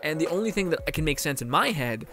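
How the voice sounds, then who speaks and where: A man's voice: fairly high pitch, lively intonation, fast, a bit bright. Rambling, heated man ranting casually. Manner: rambling, profane, heated, mimics others in quoted voices. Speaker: streamer talking to viewers. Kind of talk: casual monologue rant. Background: faint background music.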